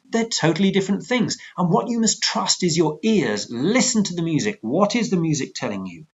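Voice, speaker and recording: Guest: male choral conductor, animated and digressive, muffled video-call sound. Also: mid-range voice. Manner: animated, digressive, with lively asides. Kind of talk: conversational explaining.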